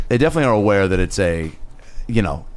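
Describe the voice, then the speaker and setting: A man hosting a podcast whose pitch swings widely as he talks. He keeps things upbeat, moving from hyping the show to chatting with his guests. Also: very animated, fast talker, a little mellow. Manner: upbeat, hypes the show intro. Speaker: podcast host. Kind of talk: casual podcast chat.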